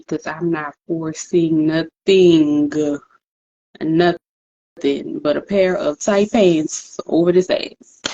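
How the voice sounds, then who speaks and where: Female podcast co-host, low-pitched, blunt and profane, casual, lo-fi sound. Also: dark tone. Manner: blunt, profane, emphatic, laughs often. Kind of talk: casual chat. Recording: dull lo-fi recording.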